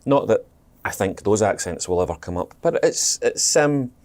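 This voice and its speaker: A man's voice: on the low side, expressive, normal speed, darkish tone. A Scottish man, a guest actor, talking casually in a podcast interview, thoughtful and rambling, with many fillers and restarts. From Scotland.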